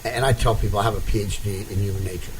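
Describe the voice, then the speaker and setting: A man's voice: fairly low pitch, steady tone, very fast, slight background noise, poor audio. A man interviewing a couple in casual conversation, rambling and restarting as he tells stories. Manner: rambling storyteller with many restarts.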